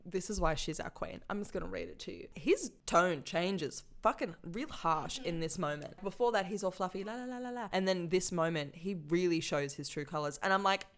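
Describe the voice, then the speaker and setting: Aussie woman with a low voice, swears a lot, tells stories all lively. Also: moderate pace, hardly any pauses. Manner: swears freely, animated storytelling, reads passages aloud. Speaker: book club podcast co-host. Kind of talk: casual chat.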